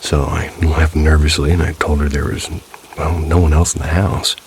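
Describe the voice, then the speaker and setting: A man's voice: extremely low pitch, level tone, moderate pace, vocal fry, slight background noise. A man narrating first-person paranormal stories in a scripted way, dropping dry, wry asides. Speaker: storyteller reading viewer stories.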